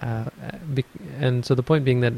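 A man giving a dharma talk on meditation, explaining in a measured way and thinking aloud as he goes. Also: mid-range voice, fairly even intonation, mellow, poor audio. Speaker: meditation teacher.

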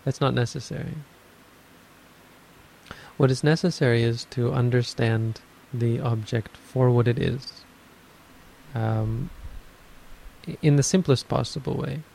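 A man teaches meditation in an unhurried dharma talk, thinking aloud through his points. His voice is gravelly and flat, held close to one level. A faint hiss sits under the recording. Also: mid-range voice, low-quality recording. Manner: measured, explanatory, thinks aloud.

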